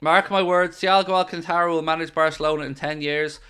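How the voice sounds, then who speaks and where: Bright-voiced Irish man bantering. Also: on the high side, fairly even intonation, brisk, smooth. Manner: playful, teasing banter. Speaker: host of a football watchalong livestream. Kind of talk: casual livestream chat reading viewer comments.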